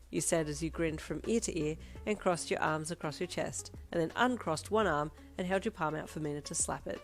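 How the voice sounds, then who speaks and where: A woman reading a fanfiction story aloud in second person, with a steady, expressive narration. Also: low voice, fairly quick. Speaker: fanfiction reader. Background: soft backing music.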